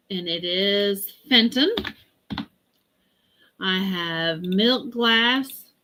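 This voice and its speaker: A woman hosting a live vintage sale stream, chatty and unhurried as she reads out item sizes and prices. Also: medium pitch, sharp tone, a little hiss or hum. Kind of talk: live-stream sales pitch.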